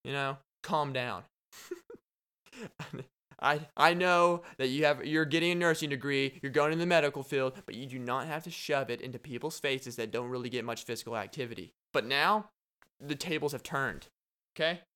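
Young male podcast host, casual solo chat, smooth voice, animated and rambling. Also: mid-range voice, moderate pace.

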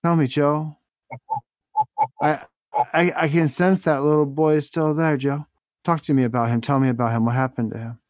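A man's voice: a little high, fairly even intonation, normal speed, pauses often, darkish tone, dry recording, studio quality. A man making a prank phone call, mock-earnest and pushy, repeating his questions over and over. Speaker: prank caller.

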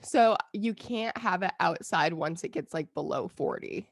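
A woman's voice: lowish voice, measured pace, gravelly, slightly rough, dry recording, clean studio sound. A woman co-hosting a podcast in casual chat, sounding groggy from a strained throat, telling stories with lots of fillers and laughs. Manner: chatty storyteller, laughs often, many fillers. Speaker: podcast co-host.

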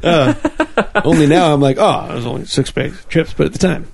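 A podcast guest with a fairly high voice, chatting casually in a group. He tells rambling anecdotes and drops laughing asides as he goes. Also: a little fast, vocal fry.

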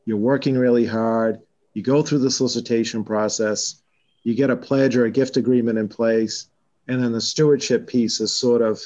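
A man with a Boston accent, a college fundraising executive, laying out his points in a measured conversational way. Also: medium pitch, fairly even intonation, darkish tone, highs cut off. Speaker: college fundraising vice president. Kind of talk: podcast conversation.

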